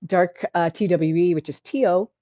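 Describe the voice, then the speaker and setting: A woman's voice: on the low side, normal speed, warm tone, dry recording, dull audio. A woman hosting a casual livestream, reading viewer comments aloud and answering them in an earnest, encouraging way that rambles a little. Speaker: livestream host.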